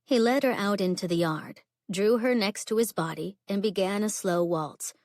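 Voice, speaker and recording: A woman's voice: medium pitch, normal speed, darkish tone, no echo, clean studio sound. Woman narrating a romance audiobook. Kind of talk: scripted narration.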